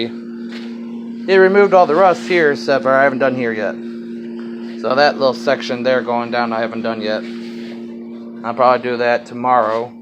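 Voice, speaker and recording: A man with a slight Southern accent talks loosely and rambles as he walks around his car, dropping the odd curse. He is filmed handheld on a phone, the sound a little dull and lo-fi with faint outdoor noise behind. His voice sits at an ordinary middle pitch. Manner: rambling, casual, swears offhandedly. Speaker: vlogger showing his car project. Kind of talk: casual walkaround vlog.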